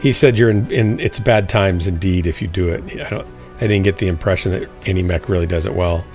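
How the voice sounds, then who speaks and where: A man's voice: low voice, steady tone, fairly quick, a little mellow, faint music behind. A man streaming a mech game, chatting casually and playfully with teammates. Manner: playful, hums and scats while waiting. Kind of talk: casual gaming chat with teammates.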